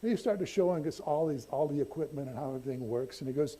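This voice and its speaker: Older man, pastor, chatty sermon storyteller with a breathy, mellow voice. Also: medium pitch. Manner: conversational, self-deprecating, halting restarts. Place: church sanctuary.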